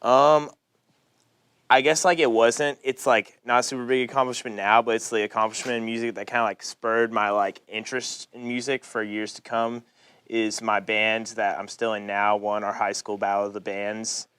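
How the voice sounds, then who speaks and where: A young man chatting casually on a podcast, relaxed and rambling with lots of fillers. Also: on the low side, normal speed, clear, resonant tone, no room sound. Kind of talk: casual chat.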